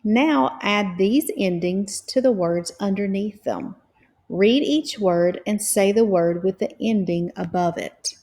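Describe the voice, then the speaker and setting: A woman teaching reading at a slow, careful pace, breaking words into syllables and spelling out letters. Her voice has a gravelly edge of vocal fry, and her tone stays patient throughout. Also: medium pitch, darkish tone. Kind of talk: slow, clear phonics lesson.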